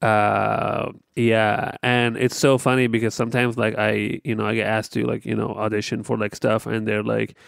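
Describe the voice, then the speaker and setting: A man's voice: on the low side, little pitch movement, moderate pace, vocal fry, few pauses, no echo, clean studio sound. A man in his thirties whose first language is not English, chatting casually as a podcast co-host. He talks in loose restarts and often opens with "I'll say this.". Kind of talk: casual chat.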